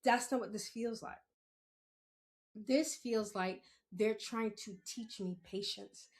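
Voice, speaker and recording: A woman's voice: medium pitch, slow, a little mellow. A young woman from Queens, hosting a spiritual podcast in a chatty, blunt monologue, laughing often and swearing freely. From Queens, New York. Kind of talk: casual solo podcast monologue.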